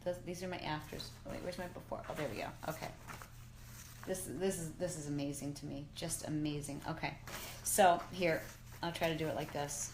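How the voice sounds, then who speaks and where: A middle-aged woman on a casual live chat, excited and exclamatory, slipping into slangy asides. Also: deep voice, fairly quick, background noise. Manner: animated and exclamatory, often says "dude". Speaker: fitness and lifestyle expert.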